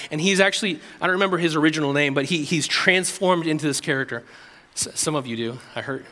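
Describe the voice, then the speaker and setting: A male pastor preaching with a high, bright voice. He drops soft for quoted prayers and rises to earnest exhortation. The sound rings with the long reverb of a church hall. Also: fast. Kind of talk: sermon.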